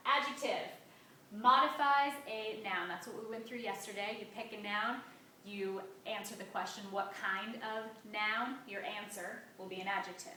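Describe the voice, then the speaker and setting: A woman teacher giving a grammar lesson, stressing key words with slow, drawn-out emphasis. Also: mid-range voice, sharp tone, a little hiss or hum. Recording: echoey room, mic at a distance.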